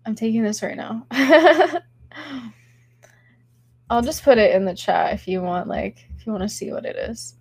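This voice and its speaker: Young woman host, sick-sounding and stuffy, giggly and loose, fairly high pitch, dry close recording. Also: expressive, unhurried, long pauses, darkish tone, husky, no room sound. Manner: giggly, chatty, many fillers. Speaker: podcast host reading chat. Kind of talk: casual livestream chat.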